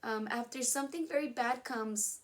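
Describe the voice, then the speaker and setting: Higher-voiced woman teaching English idioms. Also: normal speed. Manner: explains patiently with many "okay?" checks, acts out examples. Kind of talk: online vocabulary lesson.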